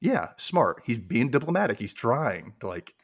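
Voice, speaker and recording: Animated man recapping a TV episode. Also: mid-range voice, normal speed, husky. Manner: animated, acts out character lines in put-on voices. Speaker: podcast co-host. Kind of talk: casual TV recap chat.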